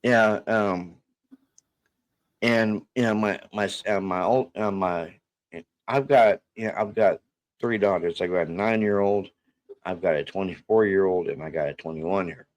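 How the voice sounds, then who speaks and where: A middle-aged man telling stories in a halting, rambling way, restarting his sentences often. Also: sits low. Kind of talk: casual storytelling chat.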